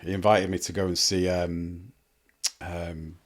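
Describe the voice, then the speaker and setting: A man's voice: sits low, flat delivery, unhurried. A man hosting a podcast, chatting casually and laughing easily with his guest. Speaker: podcast host. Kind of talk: casual chat.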